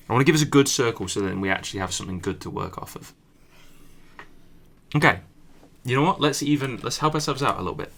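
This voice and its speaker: This young artist streamer has a fairly low, fairly bright voice as he talks casually over his drawing. He mutters to himself and lets out swears when he gets frustrated.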